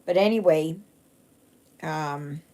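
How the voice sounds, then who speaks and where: Stitching live on stream, this Canadian woman chats in a loose, rambling way with many fillers and restarts. She has a deep voice, speaks slowly, and sounds a little mellow.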